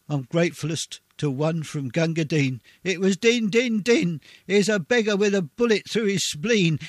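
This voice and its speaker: Brief: male reader, somewhat high voice, theatrical ballad recitation, dry close sound. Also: dry recording. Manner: rhythmic, theatrical, swelling on refrains. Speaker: poetry reader. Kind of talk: dramatic poetry recitation.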